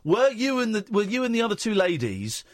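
Animated male radio host, very lively. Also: a little fast, background noise. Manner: animated, warm and emotional, swings in pitch. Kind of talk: late-night radio phone-in. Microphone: studio microphone.

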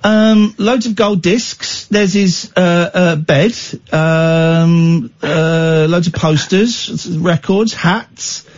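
A man's voice: sits high, dull audio. A man hosting a late-night radio phone-in, teasing and incredulous with his callers. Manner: incredulous, teasing, quick to mock. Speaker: radio host.

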